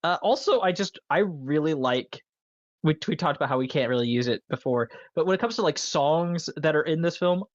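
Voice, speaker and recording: A podcast host in loose film talk, eager and rambling, leaning on fillers as the thoughts tumble out. The voice sits at a middling pitch. The recording is dull and lo-fi, with a dry, close sound. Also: animated, fairly quick, no echo. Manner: enthusiastic, rambling with many fillers. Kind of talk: casual film discussion.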